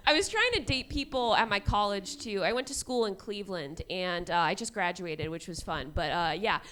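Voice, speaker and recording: A woman in her twenties doing a stand-up comedy set on a club stage, deadpan delivery and laughing at her own jokes. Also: medium pitch, moderate pace. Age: 20s.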